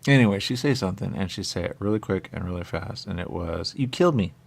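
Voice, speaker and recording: A radio talk show host with a deep, low-pitched, gravelly voice full of vocal fry rambles fast through a meandering monologue. He muses aloud, repeatedly circling back over the same phrases.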